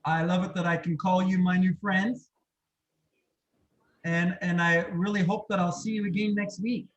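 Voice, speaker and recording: A man as a health coach leading a gentle self-love session, repeating soft questions to the group. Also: high voice, flat delivery, normal speed, lo-fi sound.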